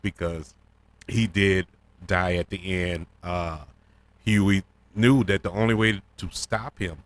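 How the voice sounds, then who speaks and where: A man hosting a casual solo review podcast, talking in an excitable, rambling way with plenty of fillers and restarts. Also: sits low. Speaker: podcast host reviewing a TV episode.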